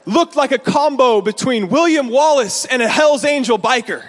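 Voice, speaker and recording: A man preaching a sermon, telling a story in an animated way and acting out the voices in it. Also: extremely high pitch, normal speed, few pauses, in a large hall. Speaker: pastor.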